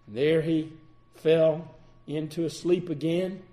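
A man preaching a sermon, swinging between loud declarations and hushed passages. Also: a little high, steady tone, slow.

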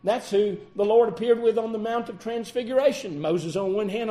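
A man preaching a sermon, swinging between loud declarations and hushed passages. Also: high-pitched, moderate pace.

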